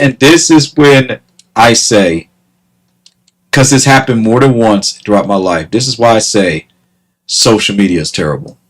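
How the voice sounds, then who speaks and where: A man's voice: lowish voice, unhurried, rough recording. A man ranting casually to camera, exasperated, repeating himself and breaking into laughter. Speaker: vlogger.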